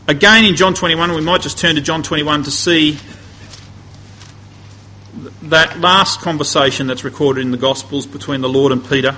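A man's voice: on the high side, bright, forceful tone, slight background noise, low-quality recording. A man preaching a conversational sermon, building to emphatic peaks and often restarting his phrases.

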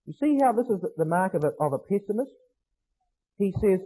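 A man preaching a sermon, emphatic, slowing to stress phrases and asking rhetorical questions. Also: sits high, big pitch swings, darkish tone, husky, low-quality recording.

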